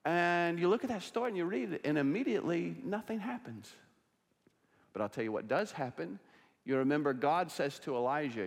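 A pastor delivers a sermon with emphatic, rising stresses and sudden low, quiet asides. His man's voice sits somewhat high for a man. The sound carries a long reverb from the church sanctuary. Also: lively intonation, fast talker. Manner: emphatic preaching, dropping low to act out quoted figures.

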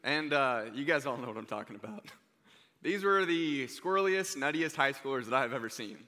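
Bright-voiced young male youth preacher. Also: mid-range voice, normal speed. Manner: energetic, joking, conversational. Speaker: youth pastor. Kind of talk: youth sermon with storytelling. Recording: reverberant hall.

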